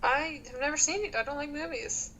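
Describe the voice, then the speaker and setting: A woman's voice: high-pitched, brisk, sharp tone, slight background noise, rough recording. A young woman guest on a podcast in casual chat, laid-back, giving short answers and giggling often.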